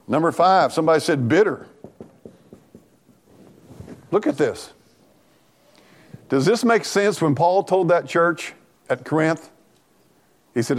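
A man preaching an animated, folksy sermon in church, talking back and forth with the congregation and laughing along. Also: fairly high pitch. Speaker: pastor.

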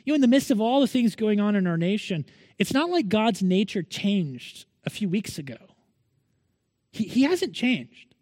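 Man, pastor, sermon, earnest rhetorical questions, high voice, dry close sound. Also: very animated, normal speed, darkish tone, no room sound, long reverb tail.

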